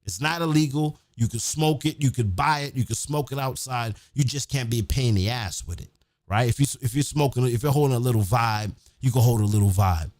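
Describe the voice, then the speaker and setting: A man hosting a podcast, telling stories in a casual, profane, animated way. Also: mid-range voice, brisk, dry recording, clean studio sound. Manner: profane, animated, acts out quotes. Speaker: podcast host. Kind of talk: casual storytelling.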